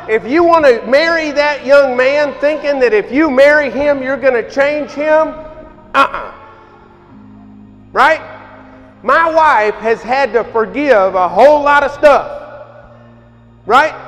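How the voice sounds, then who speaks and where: A man's voice: high-pitched, fairly bright tone, lo-fi sound. A man, preaching a sermon in a folksy, emphatic way. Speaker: pastor. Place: church hall. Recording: hall reverb with faint music.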